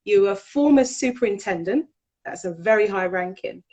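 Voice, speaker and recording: A woman's voice: medium pitch, animated, normal speed, darkish tone, rough recording. Woman hosting an interview talk show. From Jamaica. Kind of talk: casual interview chat.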